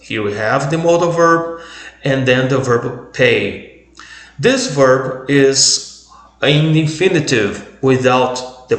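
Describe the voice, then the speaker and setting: A man whose first language is Portuguese, explaining English grammar in a video lesson, slowly repeating example sentences. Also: mid-range voice, fairly bright tone, roomy sound. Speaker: English teacher.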